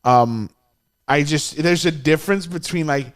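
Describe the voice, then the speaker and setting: A podcast host with a higher-pitched voice tells a story at an unhurried pace, cursing freely and animatedly performing the voices of the people involved. The sound is dry and studio-clean.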